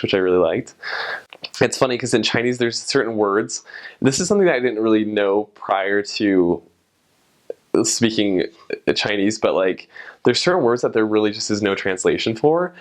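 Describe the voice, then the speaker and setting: Relaxed young man, low voice. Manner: relaxed, rambling, many fillers and restarts. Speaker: vlogger. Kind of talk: casual explanatory talk.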